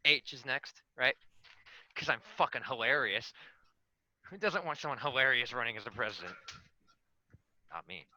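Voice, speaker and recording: A man's voice: medium pitch, bright, forceful tone, dry recording, low-quality recording. A man giving a boastful, crude comedic campaign speech as a tabletop player. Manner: boastful, swaggering, crude jokes.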